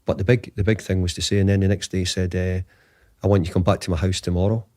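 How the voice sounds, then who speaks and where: Here the same kind of guest, a football manager in his fifties, rattles through a long conversational anecdote at a quick pace, frequently starting over and voicing the people he quotes. His low-pitched voice comes through clean studio audio without any echo.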